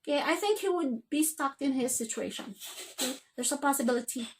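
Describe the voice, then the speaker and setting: A woman teaching an English grammar lesson. Her voice sits a little high. She keeps checking in with "okay?" after almost every phrase. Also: a little fast, a little hiss or hum.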